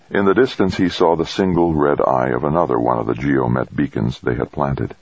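A man narrating an audiobook in an even, measured storytelling manner. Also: very deep voice, creaky, dry recording, muffled recording. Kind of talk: scripted narration.

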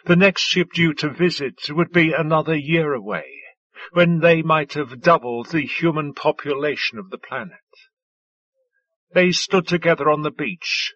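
Slow, bright-voiced male narrator. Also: a little high, dry recording, muffled recording. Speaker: audiobook narrator. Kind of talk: scripted narration.

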